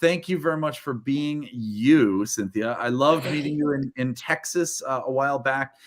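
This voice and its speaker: A man's voice: mid-range voice, moderate pace. A man hosting an online book launch over a video call, exuberant and jokey, rambling through frequent restarts.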